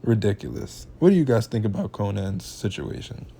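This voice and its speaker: A man's voice: on the low side, huge pitch swings, normal speed, gravelly, warm tone, slight background noise. A young man hosting a reaction channel, ranting in heated, slangy casual commentary.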